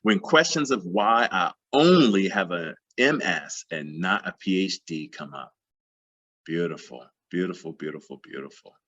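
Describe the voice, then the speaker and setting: A middle-aged man with a very low, husky voice delivers an impassioned conference keynote. He speaks emphatically and doubles down on key words by repeating them. The audio sounds dull and lo-fi, like a streamed talk. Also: expressive, measured pace, a bit bright. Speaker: plenary speaker.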